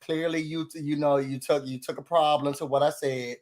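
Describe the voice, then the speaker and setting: A man voicing an unbothered reality-TV woman who brushes things off in a flat, dismissive way. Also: fairly high pitch, a little fast, voice pushed down, lightly acted.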